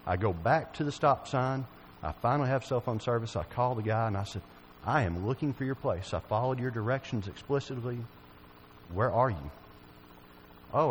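A man's voice: on the low side, a little hiss or hum, rough recording. A man preaching a sermon, telling a folksy personal story and asking his listeners questions.

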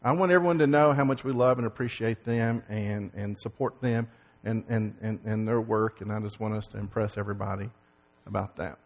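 A man's voice: fairly low pitch, fairly even intonation, brisk, a little hiss or hum. A man leading a congregation as pastor, giving folksy church announcements and opening remarks. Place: church sanctuary. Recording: long hall reverb.

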